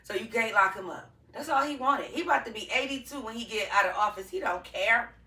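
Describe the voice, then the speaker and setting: A woman with a bright, fairly high voice lays out her opinions in easy chat and laughs often. She sits away from the mic in an echoey room. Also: brisk, recorded from a distance. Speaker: podcast co-host. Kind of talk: casual chat.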